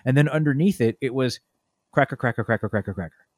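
Man in his thirties, casual storyteller, animated, dry close mic. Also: fast talker, no echo. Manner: animated storyteller, acts out quotes with big pitch jumps. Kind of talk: casual chat.

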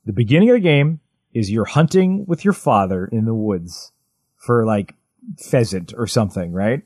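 A man in his thirties, co-hosting a podcast in casual chat, rambling excitedly with lots of "like" and restarts. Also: lowish voice, moderate pace, slightly rough, dry recording. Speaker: podcast co-host.

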